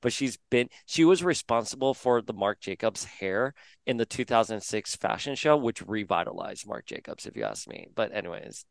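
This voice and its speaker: Animated, gossipy man on a podcast. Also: fairly low pitch, creaky, dry recording. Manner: animated, gossipy, quick to joke and act out quotes. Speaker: podcast host. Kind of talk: casual chat.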